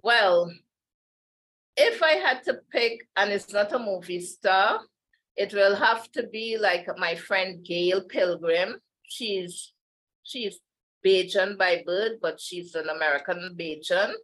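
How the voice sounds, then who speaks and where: A woman's voice: medium pitch, slow pace, a bit bright, a little hiss or hum, rough recording. A woman, a podcast guest chatting casually in a meandering way and laughing often. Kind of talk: casual interview chat.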